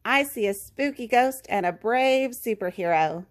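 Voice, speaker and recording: A woman's voice: on the high side, lively intonation, measured pace. A woman voicing a friendly squirrel calling out cheerily. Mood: cheery.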